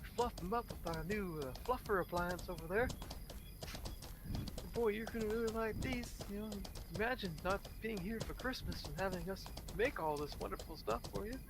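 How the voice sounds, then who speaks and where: A man's voice: high voice, creaky, noisy background, voice pushed up. A man voicing a smug, condescending dinner host who pushes food on his guest and demands thanks. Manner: overbearing, pushy, fussing over the food.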